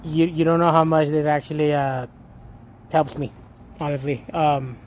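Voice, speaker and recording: A young man livestreaming and chatting casually to his viewers. He tells stories in a lively way, swears and then corrects himself, and thanks a donor with a lot of emotion. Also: a little high, normal speed, noisy background. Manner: animated storytelling, swears and self-corrects, emotional gratitude.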